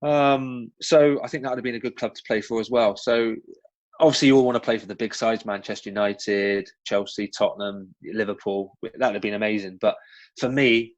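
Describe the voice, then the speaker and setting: A man with a lowish voice and a West Country accent, a former pro footballer from the West Country of England, answers interview questions briskly as a guest. He's chatty, telling animated anecdotes with frequent ums and restarts; the recording has no room sound and its highs are cut off.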